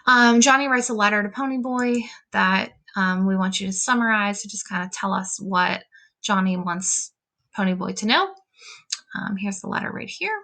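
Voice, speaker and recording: A woman's voice: mid-range voice, lively intonation, normal speed, sharp tone. A woman teacher talking casually through a novel with a class, reading passages aloud and filling gaps with "um" and "like.". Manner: chatty, many "like" and "um" fillers; reads quotes from a novel aloud. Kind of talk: casual lesson walkthrough.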